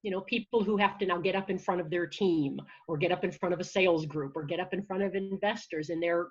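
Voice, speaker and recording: A woman who works as a confidence and public speaking coach, talking in an energetic, encouraging way with frequent restarts, heard over a video call. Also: on the low side, fast, breathy edge, lo-fi sound. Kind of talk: conversational interview answer.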